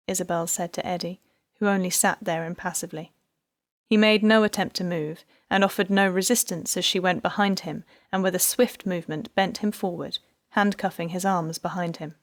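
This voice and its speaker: A woman reading an audiobook in scripted narration, measured and even. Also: mid-range voice, no room sound, clean studio sound.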